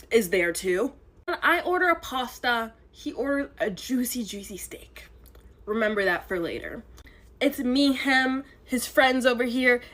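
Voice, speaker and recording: A young woman telling a first-date story in an animated, dramatic storytime monologue. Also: a little high. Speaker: storyteller in a clip.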